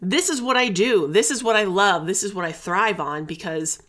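A middle-aged woman talks straight to her listeners in a relaxed podcast monologue. Her voice sits at an ordinary pitch, and she speaks candidly and chattily, calling people "honey" and swearing now and then. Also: normal speed. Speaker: podcast host. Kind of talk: casual wellness podcast monologue.

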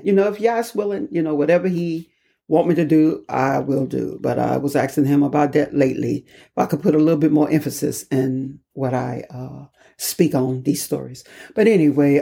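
A man reads scripture aloud in a slightly high, mellow voice. His delivery is deliberate and unpolished, with small stumbles he corrects as he goes. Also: vocal fry. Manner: deliberate reading with occasional stumbles and self-corrections. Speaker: Bible reader. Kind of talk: reading scripture aloud with spoken summaries.

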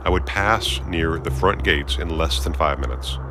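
A man's voice: deep voice, moderate pace, noisy background. A man narrating a first-person heist story, breaking into wry, self-mocking asides to himself.

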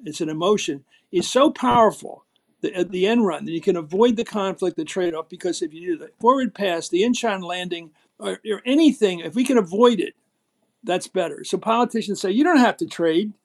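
An older man with a Philadelphia accent, telling stories emphatically as an interview guest. His voice sits fairly high, and he slips into the voices of the people he quotes. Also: a little fast, vocal fry. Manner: emphatic, storytelling, acts out quotes. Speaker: guest, former TV political host. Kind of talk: animated interview talk.

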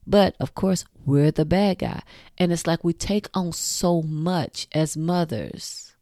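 A woman's voice: fairly low pitch, takes it slowly, dark tone, dry recording, clean studio sound. A woman in her forties hosting a show, talking frankly and casually to her listeners, swearing freely and laughing at her own jokes. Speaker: podcast host.

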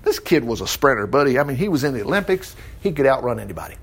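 A man's voice: medium pitch, very animated, fast, hardly any pauses, slightly rough. A man reading a Bible passage aloud and breaking off into chatty, chuckling asides to his listeners. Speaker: Bible teacher. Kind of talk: Bible reading with off-the-cuff commentary.

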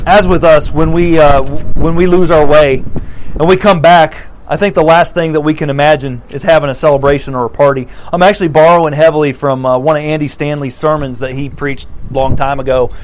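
A man preaching a sermon, retelling a parable with animated delivery and acting out the characters' lines. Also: a little high, a little fast, a little hiss or hum, poor audio.

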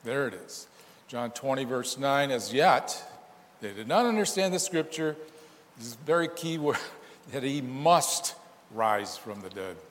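A man's voice: mid-range voice, animated, a little slow, fairly bright tone, in a large hall. A man preaching a sermon as pastor, emphatic and full of rhetorical questions.

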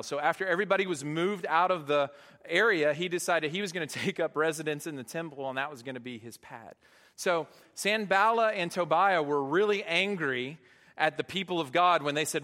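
A man preaching a sermon in a relaxed, conversational way, rising to emphatic peaks. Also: a little high. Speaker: pastor. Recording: long hall reverb.

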